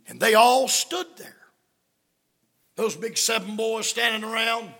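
A man preaching a sermon as dramatic storytelling, swinging from hushed to shouting. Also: very high-pitched, a little slow, gravelly, pauses often. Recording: long hall reverb.

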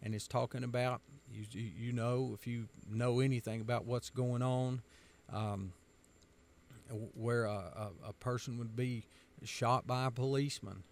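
Gravelly-voiced man preaching emphatically. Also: mid-range voice, steady tone, moderate pace, a little mellow, slight background noise. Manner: emphatic, driving points home by repetition. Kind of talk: sermon-style commentary.

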